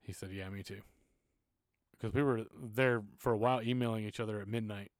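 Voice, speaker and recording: A man's voice: on the low side, steady tone, a little fast, no room sound, studio quality. A man in his thirties, a church music minister, telling personal stories in a casual podcast chat, earnest and at times emotional.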